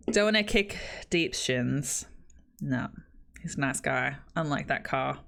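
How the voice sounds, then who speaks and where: A woman's voice: lowish voice, a bit bright. A young Australian woman streaming, chatting casually with her viewers in a self-deprecating way and laughing often.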